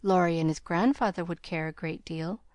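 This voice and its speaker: A woman's voice: on the low side, normal speed, a little mellow, no echo, studio quality, natural voice. A woman voicing a bashful, sweet young governess in an audiobook, speaking timidly and earnestly.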